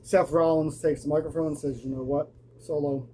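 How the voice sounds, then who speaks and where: Casting: man, casual wrestling reviewer, slightly high, mellow voice, faint ambient noise. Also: fairly even intonation, a little fast, low-quality recording. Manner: casual, lots of ums and restarts, acts out quotes. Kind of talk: casual recap chat.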